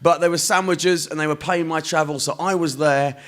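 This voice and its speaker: A performance poet from Essex, England, recites on a festival stage in a rhythmic, chanting style, then drifts into wry, rambling banter between poems. His voice is a little high and fairly bright, with a steady tone at normal speed.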